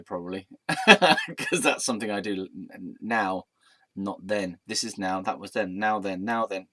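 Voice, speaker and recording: A man's voice: fairly low pitch, expressive, normal speed, bright, forceful tone, dry recording. A man telling a casual storytime monologue in a rambling, playful, self-amused way. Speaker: vlogger.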